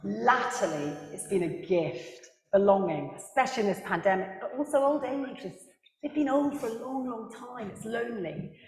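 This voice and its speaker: A woman author speaking on a book festival panel, animated, with quick asides and laughter at her own stories. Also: fairly high pitch. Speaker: author and historian. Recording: echoey hall with long reverb.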